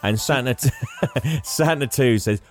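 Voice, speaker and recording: An English man hosting a podcast, retelling a film with lots of laughter and animated storytelling. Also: medium pitch, measured pace, faint music behind. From England. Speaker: podcast host. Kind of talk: casual chat, retelling a film.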